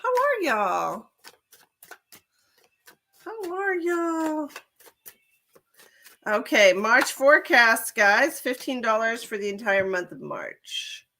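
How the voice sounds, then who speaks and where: A woman's voice: on the high side, very animated, a little slow, pushed and bright. A woman giving live-stream tarot readings, chatting with viewers and calling them honey and darling. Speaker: tarot reader.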